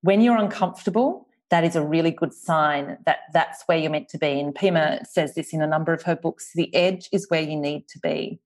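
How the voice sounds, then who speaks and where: Australian lady, author guest on a podcast, slight lisp, a bit low voiced, thoughtful. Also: normal speed, hardly any pauses. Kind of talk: reflective podcast interview.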